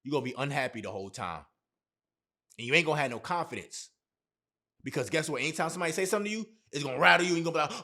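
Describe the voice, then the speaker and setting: High-voiced man giving punchy pep talk. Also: animated, racing, sharp tone. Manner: emphatic and repetitive, heavy slang. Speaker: relationship advice vlogger. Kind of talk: motivational advice talk to camera.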